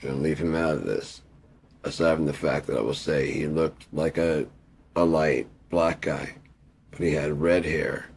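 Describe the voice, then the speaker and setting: Deep gravelly man ranting. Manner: profane, meandering, jokey. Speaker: video creator. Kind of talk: rambling casual rant.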